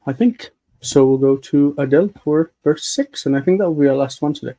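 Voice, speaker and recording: Mellow-voiced man explaining Hebrew grammar. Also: on the high side, brisk, rough recording. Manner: explains grammar patiently, with many fillers. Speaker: host and Hebrew teacher. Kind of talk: live Bible-reading discussion.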